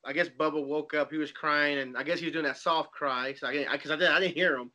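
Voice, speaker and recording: A young adult man co-hosting a casual chat, animated, laughing often and swearing freely. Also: fairly high pitch, fast. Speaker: podcast co-host.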